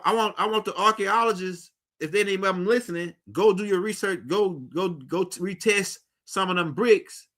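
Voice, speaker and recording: Middle-aged male streamer, high and bright, loose slangy rambling to viewers. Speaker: livestream host. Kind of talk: casual livestream talk.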